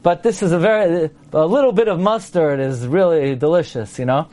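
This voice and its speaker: A man's voice: a little high, fairly quick, mellow. A man teaching a class on prayer and grammar, playful and quizzing, sounding out examples as he explains. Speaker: Torah teacher. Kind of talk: lecture to a class.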